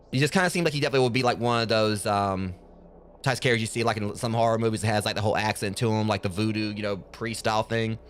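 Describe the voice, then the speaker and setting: A man's voice: medium pitch, a bit bright, a little hiss or hum. A man streaming himself playing a game, chatting casually and rambling, with lots of fillers. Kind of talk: gameplay commentary.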